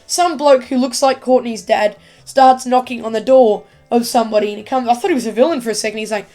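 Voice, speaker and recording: A woman giving a casual, excitable video review of a TV episode, rambling with lots of fillers. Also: fairly high pitch, fast. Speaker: YouTube TV reviewer.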